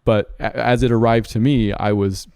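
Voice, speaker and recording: A man's voice: medium pitch, steady tone, normal speed, a little mellow, clean tone, no echo, studio quality. A man co-hosting a casual podcast, talking through a film in a chatty, analytical way with many asides. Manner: chatty, analytical, frequent "like" and "right?". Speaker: podcast co-host.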